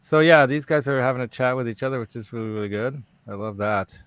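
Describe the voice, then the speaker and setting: A man's voice: medium pitch, quick pace, fairly bright tone, clean tone, no echo. A man hosting a casual live talk show, rambling and digressive and laughing often. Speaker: host. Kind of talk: casual livestream chat.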